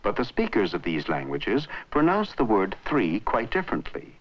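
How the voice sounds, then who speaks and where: Low guy narrating an old school film, lots of melody in his voice, dull lo-fi sound. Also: wildly swooping pitch. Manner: measured, explanatory. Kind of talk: scripted educational narration.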